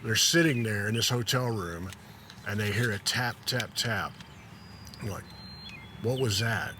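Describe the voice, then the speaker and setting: A man's voice: lowish voice, unhurried, background noise. A laid-back man telling a story in a casual style, reading passages from a memoir and laughing at his own attempts at the characters. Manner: laid-back and self-deprecating, laughing as he reads.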